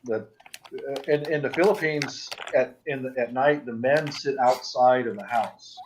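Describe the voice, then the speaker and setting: A livestream guest chats casually, telling stories in a stop-start, rambling way. His mid-range voice is a little slow, heard through dull lo-fi audio with slight background noise.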